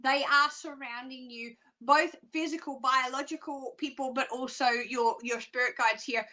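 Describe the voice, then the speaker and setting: A woman psychic doing live card readings, chatty and excitable, laughing often. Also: high voice, normal speed. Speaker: psychic reader.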